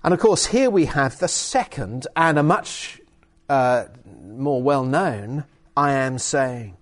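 A man's voice: mid-range voice, animated, slow pace. A man preaching a sermon and reading from the Bible, emphatic with hesitant fillers.

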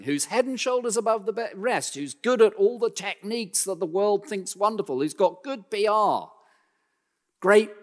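A man preaching a sermon, speaking emphatically and slowing down to read scripture aloud, in a church. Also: high-pitched. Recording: long hall reverb.

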